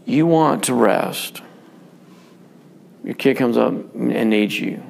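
A male pastor with a gravelly voice talks about family life in a casual, unscripted way. He rambles frankly, is quick to poke fun at himself, and often restarts his sentences. His pitch sits in the usual middle range for a man. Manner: rambling, frank, self-deprecating, many fillers and restarts. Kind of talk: casual pastoral chat on parenting.

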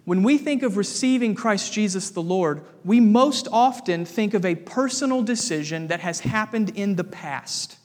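A man preaching a sermon as pastor, measured and emphatic, often repeating key phrases. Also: sits high, lively intonation, big-room sound.

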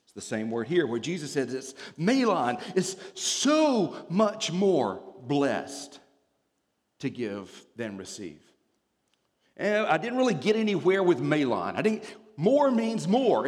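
A man preaching a sermon in a church, telling stories with humor and explaining scripture in an animated way. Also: a little high, measured pace, in a large hall.

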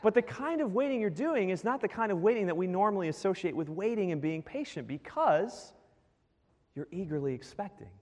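In a large church hall with a long reverb, a male pastor delivers a sermon, his high voice moving briskly. He is animated and keeps firing rhetorical questions at the congregation.

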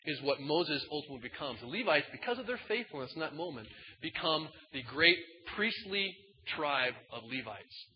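A man preaching a sermon in a casual, folksy way, swinging between loud emphatic bursts and quiet asides. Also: medium pitch. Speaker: pastor. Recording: dull sound in a large reverberant hall.

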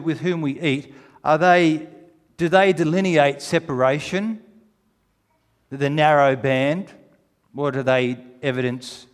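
A man preaching a sermon, telling a story with animated, rising delivery that climbs to near-shouting at its peak. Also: on the high side, in a large hall.

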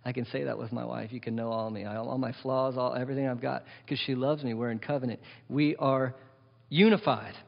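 Animated pastor preaching in an echoing hall. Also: male voice, medium pitch, brisk, creaky, dull audio. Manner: animated, asks the congregation questions, wry jokes. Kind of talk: sermon. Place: church hall.

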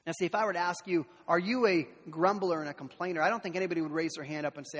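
A man preaching a sermon as pastor, animated, who acts out the voices of complainers. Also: high voice, fast talker, hardly any pauses, long reverb tail.

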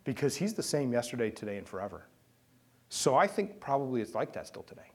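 A man's voice: medium pitch, very animated, a little fast, a little mellow, husky. A man preaching a sermon and leading a closing prayer, talking to the congregation and asking them questions. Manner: conversational, asks the congregation questions. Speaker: pastor.

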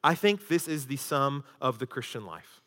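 A man preaching a sermon as pastor, swinging between loud emphasis and hushed intensity. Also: medium pitch, animated, normal speed. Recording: long hall reverb.

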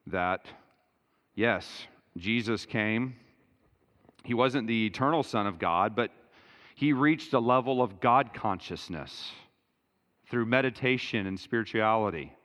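A man preaching a sermon as pastor, emphatic and building to near-shouts as he drives his points home. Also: fairly low pitch, in a large hall.

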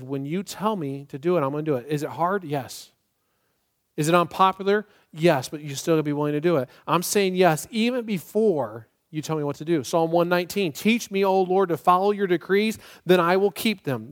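A middle-aged male pastor preaching a sermon in a church, emphatic and swinging from loud to soft and prayerful. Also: sits high, animated, brisk. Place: church sanctuary.

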